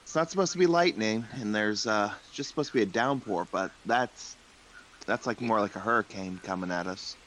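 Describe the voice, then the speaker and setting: A man's voice: fairly low pitch, moderate pace, a bit bright, a little hiss or hum, rough recording. A man playing a tabletop game, talking casually and hesitantly. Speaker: player.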